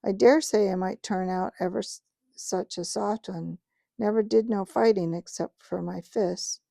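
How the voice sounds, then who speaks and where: A humble, plain-spoken London cabbie in his rough Cockney dialect, dropping his grammar as he answers, as a woman reading a storybook puts him on. The voice is gravelly and dark, recorded close and dry. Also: medium pitch, fairly even intonation, a little slow, no room sound. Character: humble working-class London cab driver man.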